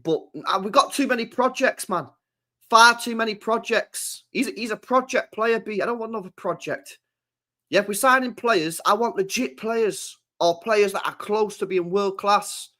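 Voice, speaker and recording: A man's voice: sits high, moderate pace, pushed and bright. A man hosting a live stream, ranting about football in a repetitive, slangy, sweary way. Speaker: streamer host.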